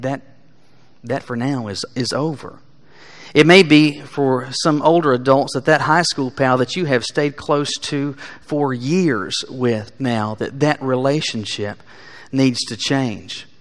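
Guy preaching in church, earnest, gets loud and emphatic then goes soft, middle pitch voice. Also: fairly even intonation, unhurried. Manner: earnest, builds to emphatic peaks then drops quiet. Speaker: pastor. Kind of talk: sermon. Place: church sanctuary.

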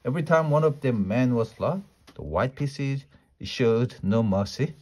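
Man slowly reading a storybook aloud. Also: medium pitch, animated, a little mellow. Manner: unhurried, with small slips and restarts.

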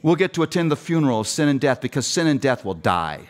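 A man's voice: medium pitch, very animated, quick pace. A middle-aged man preaching a passionate sermon with emphatic repetition, addressing seminary students. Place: seminary chapel.

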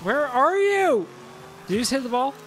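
Giggly gamer man, casual play chat, high bright voice, drawled delivery. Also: normal speed, faint music behind. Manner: giggly, excitable, frequent yelps.

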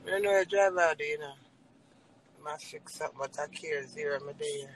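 A woman's voice: sits low, moderate pace, a little hiss or hum, low-quality recording. A Jamaican woman livestreaming, talking in a raw, tearful way and swearing freely. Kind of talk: emotional casual monologue.

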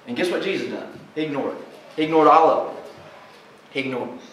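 A folksy male pastor delivers a lively sermon, tossing questions out to his congregation and answering them himself. His voice sits fairly high for a man and comes from some way off the mic. It rings through a very echoey church hall over a faint hiss of background noise. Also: a little fast, distant mic. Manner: animated preacher, quizzes the congregation with "guess what" questions; folksy, plainspoken.

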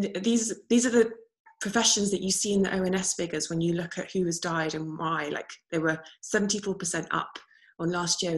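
A woman's voice: lowish voice, creaky. A woman speaking as a panellist on an online discussion, telling a story in an earnest way over a video call. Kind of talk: panel talk.

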